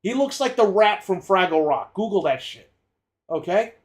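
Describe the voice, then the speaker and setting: A man's voice: sits high, lively intonation, moderate pace. A man co-hosting a gaming podcast, ranting in a heated, profane way. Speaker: podcast co-host. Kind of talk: casual gaming podcast rant.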